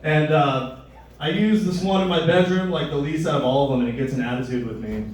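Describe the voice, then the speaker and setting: Sardonic young comic in an echoey club. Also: male voice, on the high side, a little fast. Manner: crude, sardonic, deadpan. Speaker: stand-up comedian. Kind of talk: stand-up comedy set. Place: live comedy venue. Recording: echoey room, mic at a distance.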